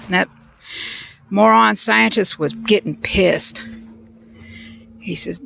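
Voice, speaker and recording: A woman's voice: mid-range voice, animated, slow, vocal fry, long pauses, a bit bright, a little hiss or hum. A woman telling silly jokes in a rambling, casual way while outdoors in a garden by a pond, breaking off now and then to point things out. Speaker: joke teller. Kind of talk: casual storytelling.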